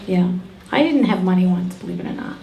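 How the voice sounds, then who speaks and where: A middle-aged woman performing a stand-up comedy set on a club stage, deadpan and brash with crude punchlines. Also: on the low side, fairly quick, creaky. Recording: echoey room, loud audience noise.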